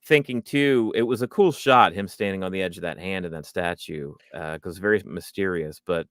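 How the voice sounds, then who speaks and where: A man's voice: deep voice, normal speed, no echo, clean studio sound. A man hosting a podcast, chatting emphatically and addressing listeners. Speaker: podcast host. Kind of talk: casual fan discussion.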